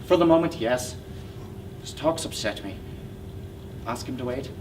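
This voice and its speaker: An actor playing a brooding, bitter man haunted by his family, speaking intensely and often in a hush. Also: medium pitch, expressive, a little slow, natural voice. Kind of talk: stage play acting. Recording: distant mic with noisy hiss.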